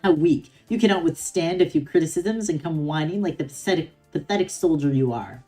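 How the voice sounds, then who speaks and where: A woman's voice: low voice, fairly quick, dark tone, faint music behind, lightly acted. A woman voicing a stern, scornful officer who scolds a soldier in a harsh tone.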